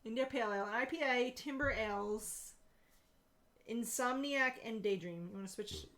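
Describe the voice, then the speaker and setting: A woman co-hosting a beer and comics stream, casual and giggly, laughing often and breaking into playful shouts. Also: fairly high pitch, moderate pace. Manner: playful, loud bursts of shouting. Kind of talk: casual chat.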